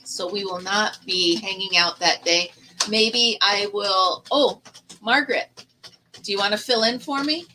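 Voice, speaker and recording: A woman's voice: medium pitch, unhurried, noisy background. A middle-aged woman hosting a casual live chat stream, telling stories in a chatty way and laughing often.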